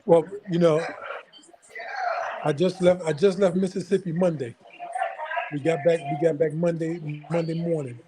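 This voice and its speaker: A man recounting a personal story as a guest on a panel discussion, in a measured way. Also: a little high, steady tone, background noise.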